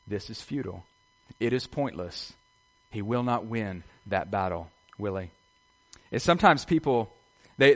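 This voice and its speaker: Animated preacher with sweeping ups and downs. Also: male voice, fairly high pitch. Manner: rises and drops sharply in loudness, asks the congregation questions. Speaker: pastor. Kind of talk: sermon. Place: outdoors.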